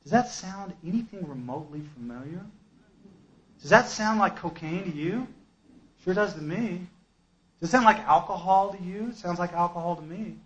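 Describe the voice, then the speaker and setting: This man's voice is high, his pace moderate, and the recording dull. Giving testimony at a recovery meeting, he narrates forcefully, swinging between shouting and quiet side remarks.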